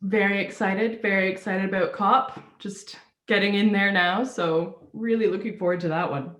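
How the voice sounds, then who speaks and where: A woman from Scotland and Canada introducing herself on a panel over a video call, bright and a little playful. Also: mid-range voice, steady tone, moderate pace, reverberant. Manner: bright and enthusiastic, a touch playful. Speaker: panelist, business events promoter.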